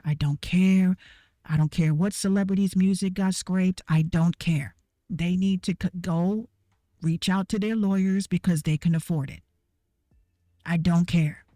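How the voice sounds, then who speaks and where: A woman's voice: fairly low pitch, mellow, no room sound, studio quality. A woman ranting bluntly and heatedly to her viewers, swearing a lot and repeating herself for emphasis. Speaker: online creator ranting to viewers. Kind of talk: profane rant to camera.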